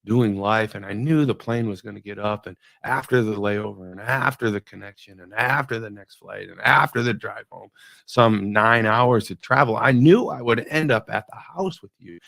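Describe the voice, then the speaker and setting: Middle-aged male devotional host, gravelly, dry close sound, reflective and conversational, trailing off softly. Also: fairly low pitch, moderate pace, dry recording. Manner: musing, conversational, trails off quietly.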